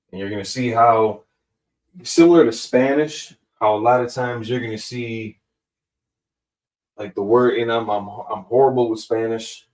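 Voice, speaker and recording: A man's voice: on the low side, a little mellow. A man casually explaining grammar as a teacher, thinking aloud and correcting himself as he goes. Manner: slow, thinking aloud, with fillers and self-corrections. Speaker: Hebrew language teacher. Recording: echoey room, distant from the mic.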